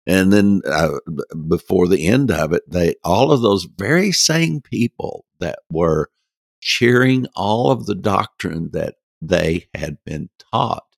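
Gravelly deep-voiced man telling a story. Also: expressive, dry recording, studio quality. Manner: folksy, halting, many restarts, laughs. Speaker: guest. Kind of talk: storytelling in a casual interview.

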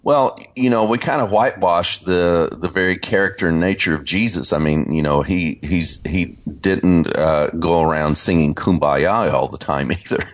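A man teaching about scripture in an unscripted discussion, speaking haltingly with many fillers and restarts. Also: sits low. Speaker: Christian teacher. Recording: dull lo-fi sound.

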